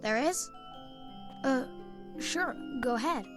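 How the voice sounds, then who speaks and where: A man voicing a polite, earnest young boy who speaks softly and asks puzzled questions. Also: very high voice, expressive, slow pace, pitched above the performer's own voice, exaggerated voice. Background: game music.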